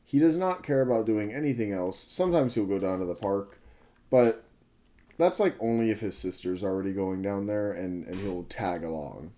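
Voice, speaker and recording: Having stayed up all night, this man in his twenties talks over his gameplay for his gaming videos in a loose, somewhat rambling way, frequently correcting himself and cursing without restraint. His voice is lowish and warm, animated, at a normal speed.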